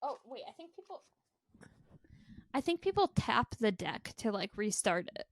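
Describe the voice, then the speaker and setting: A woman's voice: fairly high pitch, sing-song, moderate pace, slight background noise. A woman with a Maine accent, co-hosting a podcast, telling stories in a chatty way with giggly asides. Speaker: podcast co-host. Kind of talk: casual chat.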